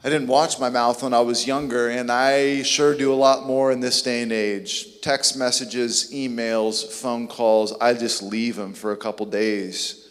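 A man's voice: mid-range voice, flat delivery, unhurried, in a large hall. A man preaching a sermon, emphatic and repeating key words for effect.

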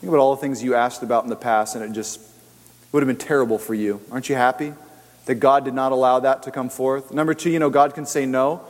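A man preaching a sermon in a lively, animated way, acting out the voices of people in his stories. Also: mid-range voice, fast talker. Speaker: pastor. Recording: long hall reverb.

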